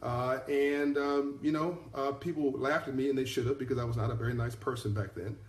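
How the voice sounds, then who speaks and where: A man's voice: medium pitch, fairly even intonation, a little fast. A middle-aged man giving a motivational talk on a live stream, repeating his key lines and rambling with restarts. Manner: rambling, many fillers and restarts. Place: in South Africa, on a live broadcast. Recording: echoey room.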